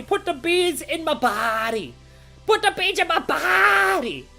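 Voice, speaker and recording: A man streaming live and chatting with his viewers in a loose, rambling way, dropping "like" every few words. His voice is light and swoops up and down with lively intonation, and he slips into mock rants. Soft music plays faintly behind him. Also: high voice. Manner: rambling, full of "like" fillers; animated, mock-ranting. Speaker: streamer reading chat. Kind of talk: casual live-stream chat.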